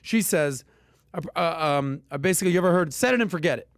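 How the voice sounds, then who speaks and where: A man hosting a casual personal finance podcast, talking with punchy emphasis and lively asides. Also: fairly high pitch, fast talker, no echo, clean studio sound. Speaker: podcast host.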